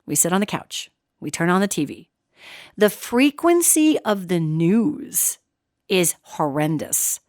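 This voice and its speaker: A middle-aged woman hosting a solo podcast, talking in an animated, emphatic way and calling her listeners "gang". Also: on the low side, slow pace, no echo, studio quality. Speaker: podcast host.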